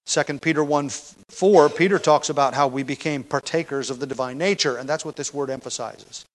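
A man's voice: fairly high pitch, brisk, poor audio. Man preaching an expository Bible sermon. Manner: conversational teaching, stresses key phrases, frequent fillers and restarts.

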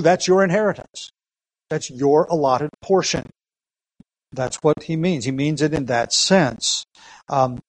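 A man's voice: on the high side, a little mellow, no room sound, low-quality recording. Earnest preaching man, dry close sound. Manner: earnest teaching with frequent rhetorical questions and emphatic repetition; reads scripture aloud. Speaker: pastor. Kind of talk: sermon.

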